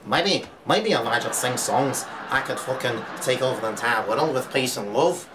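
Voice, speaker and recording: A man putting on a sarcastic impression of a dreamy male pop star in a deep, lazy drawl. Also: expressive, moderate pace, lightly acted. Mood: mocking. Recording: distant mic with loud noise.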